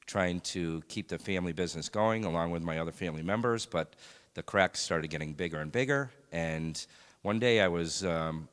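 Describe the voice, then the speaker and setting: A man sharing a personal faith testimony in a church, speaking in a halting, reflective way with many pauses and fillers. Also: low voice, fairly bright tone. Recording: long hall reverb.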